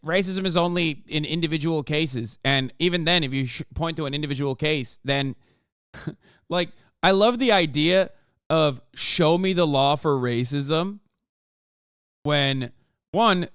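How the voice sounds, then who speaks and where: A man in his thirties reacting live to videos as a streamer, swearing and animated. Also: a little high, measured pace, clear, resonant tone, dry recording, studio quality. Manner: profane, animated.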